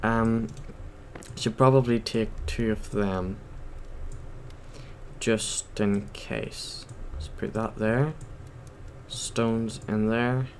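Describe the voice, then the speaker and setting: A man with a lowish voice talks slowly through a gameplay session, rambling and hesitant, correcting himself as he goes. Keyboard clicks and a faint hiss sit behind him. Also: fairly even intonation. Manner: rambling, hesitant, full of ums and self-corrections. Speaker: gaming YouTuber. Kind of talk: casual gameplay commentary. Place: at a computer while playing.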